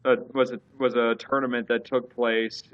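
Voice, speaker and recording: A man's voice: medium pitch, little pitch movement, normal speed, dull audio. A man co-hosting a casual wrestling chat, rambling with lots of fillers and restarts. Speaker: podcast co-host.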